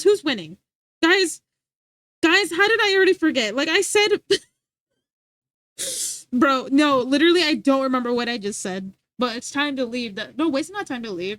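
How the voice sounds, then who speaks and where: A woman's voice: sits high, a bit bright, no room sound. A woman livestreamer chatting casually with her viewers, giggly and full of filler words.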